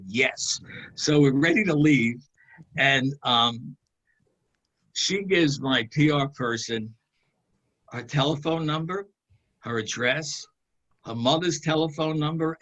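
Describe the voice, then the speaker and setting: An older man, a regular panelist, telling a long anecdote in an unhurried way, chuckling as he goes. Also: medium pitch, fairly bright tone, slightly rough. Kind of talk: anecdote storytelling.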